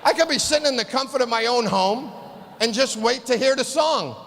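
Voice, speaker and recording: Gravelly, high-voiced comedian ranting. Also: male voice, fairly quick. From East Boston. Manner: profane, exasperated ranting with shouted punchlines. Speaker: stand-up comedian. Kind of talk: stand-up comedy set. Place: live comedy venue. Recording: long hall reverb, faint noise.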